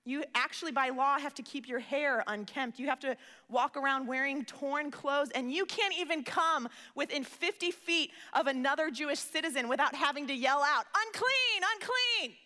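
A woman preaches in a high, bright voice that carries through a reverberant hall. She talks earnestly and conversationally, often doubling words as she begins a thought. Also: normal speed. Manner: earnest, conversational, repeats words when starting phrases. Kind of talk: sermon.

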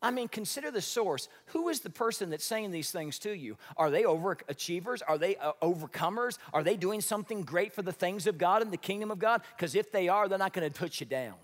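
A man's voice: high voice, animated, fairly quick, few pauses, long reverb tail. A man preaching a sermon, emphatic and full of rhetorical questions. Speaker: pastor.

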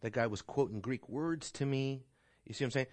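A man's voice: mid-range voice, brisk, darkish tone, slight background noise. A man teaching a casual Bible class, talking conversationally and checking in with "right?" as he goes. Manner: conversational, tags points with "right?".

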